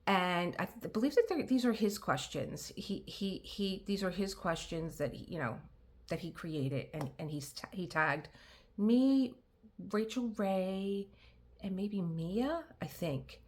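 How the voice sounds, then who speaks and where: A woman's voice: mid-range voice, expressive, a little slow, darkish tone. A middle-aged woman chatting casually while she crafts at home, rambling and restarting her sentences, with frequent fillers and laughter. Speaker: diamond painting vlogger.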